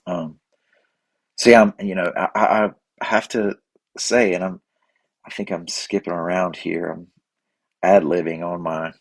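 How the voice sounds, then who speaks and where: Low gravelly man, halting. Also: fairly even intonation, no room sound. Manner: halting, many restarts and fillers, earnest. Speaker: podcast host. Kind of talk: unscripted reflective monologue.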